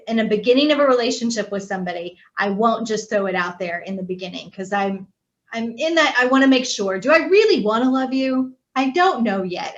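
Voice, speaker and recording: A woman chatting casually on a panel show, animated and playful, laughing often and acting out quotes. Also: medium pitch, lo-fi sound. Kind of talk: casual group chat.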